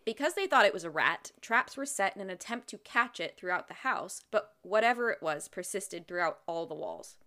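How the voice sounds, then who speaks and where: A woman's voice: mid-range voice, moderate pace, hardly any pauses. Lady telling a creepy story on a podcast, laughing along, mid voice. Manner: laughs often, lively storytelling. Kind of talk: casual storytelling chat.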